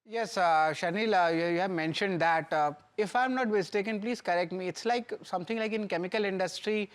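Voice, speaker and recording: Male business TV host, slightly high voice, halting and wordy when he questions a guest. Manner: hesitant questioning with many fillers. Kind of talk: interview questions.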